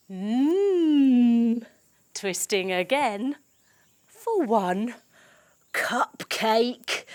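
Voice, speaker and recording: A woman's voice: on the high side, darkish tone. A young adult woman teaching yoga to children through a story, playful and sing-song, adding silly sound effects. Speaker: kids yoga instructor.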